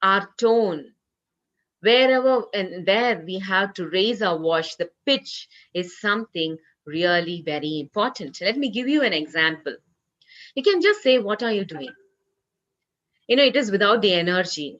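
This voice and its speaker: A woman trainer speaks earnestly over a video call, her voice bright and forward. She circles back on her points with plenty of "you know" fillers. The audio is dull and a little lo-fi. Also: medium pitch, lively intonation, moderate pace. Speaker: corporate trainer. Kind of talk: online training session talk.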